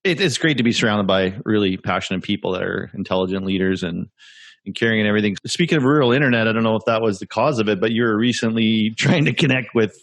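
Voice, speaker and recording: Male podcast host with a low voice, relaxed and encouraging, dry close recording. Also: fast talker, dry recording. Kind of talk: casual interview chat.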